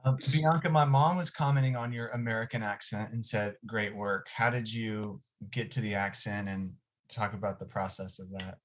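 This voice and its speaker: A man who wrote and directed the film, hosting a casual Q&A on a video call and telling relaxed, chatty stories about the shoot. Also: on the low side, moderate pace, hardly any pauses.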